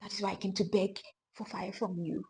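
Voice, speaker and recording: A woman voicing a frightened young girl who pleads in a soft, hushed voice. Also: medium pitch, fast talker, lightly acted. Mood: pleading.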